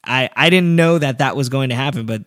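Male podcast co-host, animated storyteller, mid pitch, dry sound. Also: a little fast, no echo. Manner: animated storyteller, acts out quotes in a high quivering voice. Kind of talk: casual chat.

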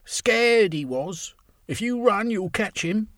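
A man's voice: sits high, animated, slow, no room sound, clean studio sound, voice pushed up, exaggerated voice. A man doing an eager factory worker. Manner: shouted, eager, colloquial. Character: lone London factory worker, eager to help.

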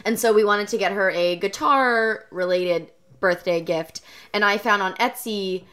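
Woman co-host, casual storyteller, laughs easily; mid-range voice, relaxed chat delivery. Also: mid-range voice, a little slow. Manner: animated, laughs through her stories. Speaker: podcast co-host.

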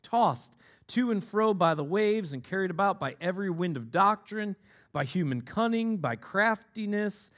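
A pastor delivering a sermon in a conversational way, mixing scripture with personal stories and playful asides. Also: male voice, high voice, lively intonation, moderate pace, a bit bright.

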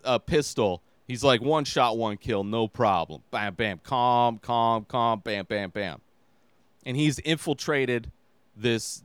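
A man with a smooth, medium-pitched voice hosts his own podcast, giving a casual movie review in a rambling, exasperated way packed with filler words. There's no room sound.

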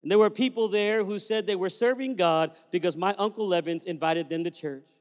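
A man's voice: high-pitched, a little fast. A man preaching a sermon as pastor, telling family stories with sudden joyful whoops. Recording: long reverb of a large hall.

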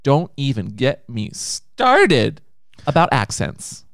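Man, mid pitch, lively teasing reader, dry close sound. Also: no room sound. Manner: animated, teasing, quick asides. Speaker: podcast co-host. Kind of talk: reading listener submissions, casual chat.

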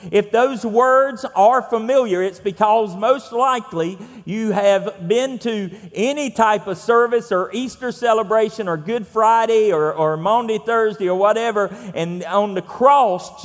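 A Southern US pastor delivers a sermon in a relaxed, folksy, conversational style, often pausing on fillers. His voice is high for a man, and each phrase trails off into the long reverb of a large church room.

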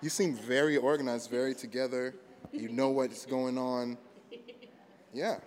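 A man's voice: mid-range voice, fairly even intonation, a little slow, darkish tone. A man, a comedian guest, chatting casually and rambling through anecdotes between laughs. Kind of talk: casual chat.

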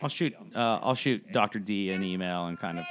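A man's voice: fairly low pitch, brisk, fairly bright tone. A man co-hosting a podcast in casual chat, enthusiastic and rambling. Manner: enthusiastic, rambling, with lots of fillers. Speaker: podcast co-host.

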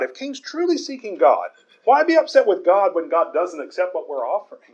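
A man's voice: fairly high pitch, a little mellow, lo-fi sound. A man preaching a conversational Bible sermon in an earnest way, often stumbling over repeated words.

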